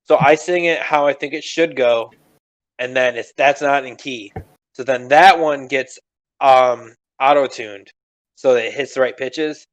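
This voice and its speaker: Young guy, podcast co-host, loose rambling delivery with casual swearing, mid-pitched and slightly strained. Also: a little slow. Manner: rambling, swears freely, laughs often. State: strained vocals from screaming. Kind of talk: casual chat.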